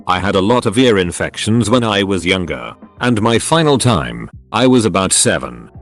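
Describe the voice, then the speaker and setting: A man with a fairly low voice narrates online stories in a scripted read. His delivery swings lively up and down, landing dry punchlines, while soft music plays faintly behind him.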